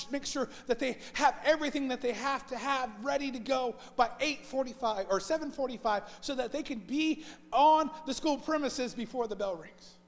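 High-voiced male pastor preaching in a reverberant church. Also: vocal fry. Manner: repetitive, list-like delivery. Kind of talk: sermon. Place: church sanctuary. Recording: long reverb of a church hall.

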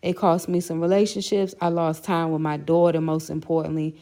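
A woman's voice: deep voice, level tone, brisk, mellow. A woman sharing a candid personal faith testimony as a podcast guest, earnest and full of "you know" fillers.

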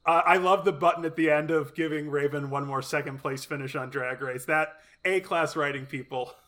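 A male co-host chats casually, trading jokes and quick comparisons. His voice sits a bit higher than average. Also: fairly even intonation, bright, forceful tone. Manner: joking, quick with pop-culture comparisons. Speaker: podcast co-host. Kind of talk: casual chat.

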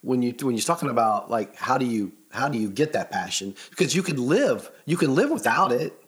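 A former pastor talks over faith in an easygoing chat. His voice is husky with a slightly breathy edge. He is earnest and thoughtful, and he backs up and restarts his sentences as he works out his point. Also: medium pitch, big pitch swings, a little fast. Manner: earnest, reflective, often restarts phrases. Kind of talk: casual faith conversation.

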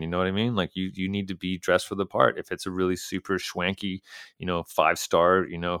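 A man's voice: sits low, fairly bright tone, clear, resonant tone, no echo, studio quality. A man, a guest on a talk show, telling a long anecdote in a casual way, with many fillers and restarts. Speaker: guest, urban BASE jumper. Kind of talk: casual storytelling chat.

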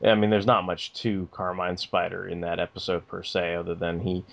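A podcast co-host chats casually, rambling with heavy fillers and plenty of swearing. His low voice has a flat delivery, a bit of creak, and a slightly fast pace.

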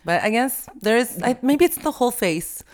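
A woman's voice: on the high side, lively intonation, moderate pace. A woman chatting as a podcast guest, laughing often and acting out quotes from other people. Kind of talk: casual chat.

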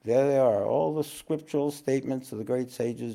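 Speaking at an unhurried pace, a man with a warm, mid-range voice gives a spiritual teaching to an audience. He repeats his phrases and frequently clears his throat.

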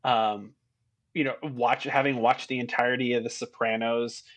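A man's voice: mid-range voice, flat delivery, moderate pace, a bit bright. A man with a mid-range voice on a film podcast. He sounds laid-back and agreeable and chimes in with short anecdotes. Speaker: podcast co-host. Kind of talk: casual chat.

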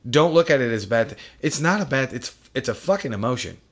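A man's voice: medium pitch, expressive, fast. A middle-aged man hosting a podcast, talking bluntly and profanely in casual chat. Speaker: podcast host.

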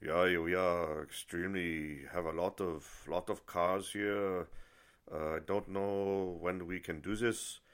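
A man voicing a hesitant German car dealer who speaks slowly and hems and haws. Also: low-pitched, fairly even intonation, fairly bright tone, clear, resonant tone. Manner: halting, slow, hemming and hawing.

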